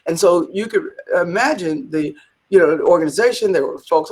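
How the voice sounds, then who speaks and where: A woman guest in a conversational interview, telling a story in an animated way and acting out the quotes. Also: on the low side, a little fast, breathy edge. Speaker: business leader, interview guest.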